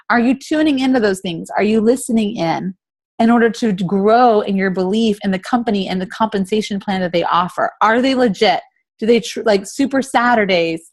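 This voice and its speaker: A woman in her thirties leading a motivational team call over video chat, full of rhetorical questions. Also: mid-range voice. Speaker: team leader.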